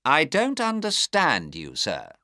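A man voicing a clever male detective who is cool and coldly polite, speaking in a crisp, measured way. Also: a little high, huge pitch swings, bright, forceful tone, no room sound, studio quality, voice pushed up, exaggerated voice. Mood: cool, assured.

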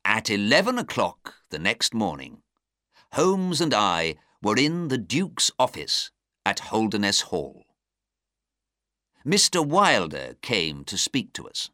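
Low, slow, expressive male narrator. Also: dry recording, studio quality. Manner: slow, clear and expressive reading. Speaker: audiobook narrator. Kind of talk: scripted narration of a simplified story.

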